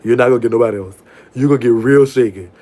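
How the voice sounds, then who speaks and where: Sassy new guy hosting a call-in, talks real quick, laughs a lot, calls everyone girl. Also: mid-range voice, warm tone. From New Orleans, USA. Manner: sassy and playful, laughs often, calls people girl and baby. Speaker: call-in show host. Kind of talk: casual live call-in chat.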